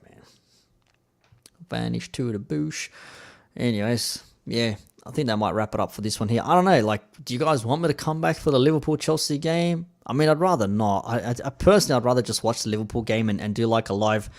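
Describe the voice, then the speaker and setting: Laid-back Australian streamer chatting. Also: male voice, fairly low pitch. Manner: relaxed, rambling, with many fillers. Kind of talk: casual live-stream chat.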